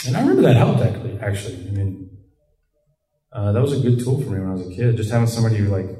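Man from Michigan, low voice, rambling recovery-meeting share; distant mic, roomy meeting space. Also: sing-song, very fast, mellow. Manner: rambling, heavy on "like" and "you know". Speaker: member sharing at a recovery meeting. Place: meeting room.

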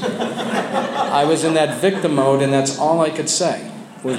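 A man sharing his personal story with a support group, speaking candidly and haltingly with frequent restarts, sometimes dropping low and quiet. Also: steady tone, background noise. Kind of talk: personal testimony. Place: meeting room with a group of men. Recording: echoey room with faint ambience.

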